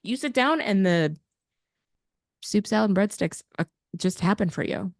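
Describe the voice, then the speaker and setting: A woman's voice: mid-range voice, lively intonation, normal speed, no echo, studio quality. A woman from the Midwest co-hosting a podcast, joking wryly in casual chat. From American Midwest. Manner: wry, joking, playful reactions. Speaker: podcast co-host.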